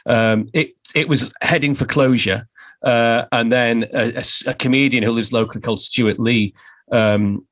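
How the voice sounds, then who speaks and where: A man's voice: medium pitch, fairly even intonation, normal speed, a bit bright. A middle-aged Englishman, a guest author, telling wry, self-deprecating stories in a casual interview.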